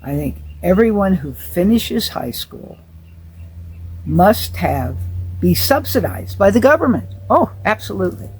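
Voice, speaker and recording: An older woman, a retired special education teacher, muses earnestly in a reflective monologue, often stopping to repeat a word. Her mid-range voice swings widely in pitch and is a little slow, darkish, and breathy-edged, heard through a rough recording.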